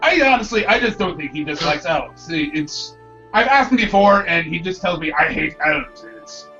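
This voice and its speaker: A man's voice: a little high, lively intonation, normal speed, pushed and bright, distant mic, highs cut off, faint music behind. A man voicing a proud, formal male monk in a tabletop game, with old-fashioned speech.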